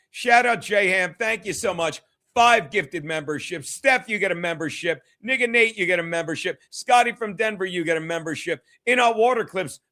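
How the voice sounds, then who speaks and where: A man's voice: sits high, sharp tone. A man hosting a livestream, rambling and swearing as he thanks viewers and laughs often. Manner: rambling, profane, laughs often between remarks. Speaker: host of a livestreamed comedy show. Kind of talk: casual livestream chat reading viewer donations.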